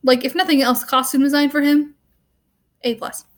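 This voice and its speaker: A woman's voice: high voice, fairly even intonation, normal speed. A young woman vlogging a casual movie rant, rambling and full of "like" and "um", offhand and wry. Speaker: student vlogger.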